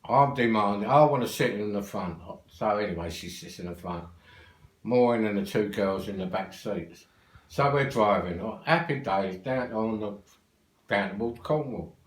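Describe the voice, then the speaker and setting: An older man with a London accent tells a rambling family story, cheerfully swearing as he goes. His voice sits low and the room around him is echoey. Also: lively intonation, normal speed. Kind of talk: casual anecdote.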